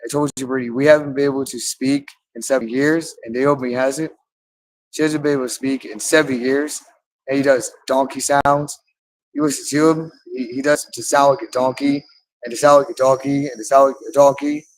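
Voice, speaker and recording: A man's voice: mid-range voice, level tone, a little fast, poor audio. A man talking in a rambling monologue, swearing often and repeating phrases over and over. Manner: repetitive, loops phrases over and over; profane, with frequent swearing.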